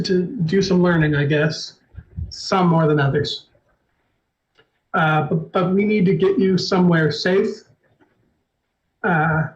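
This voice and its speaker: A man voicing a nervous male doctor who stammers and repeats his words, on a dull lo-fi stream recording. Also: high-pitched. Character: nervous stuttering male doctor, jumpy and anxious.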